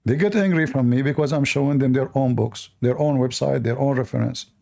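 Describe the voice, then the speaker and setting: A man hosting a live-stream debate, talking in a mocking, animated way with loose, non-native English phrasing. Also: mid-range voice, a little fast, creaky.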